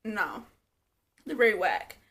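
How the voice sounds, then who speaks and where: A young woman giving blunt, profane, animated commentary on a reality show, acting out quotes as she retells scenes. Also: medium pitch, takes it slowly. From Virginia Beach, USA. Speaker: reality TV reviewer. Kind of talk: casual commentary.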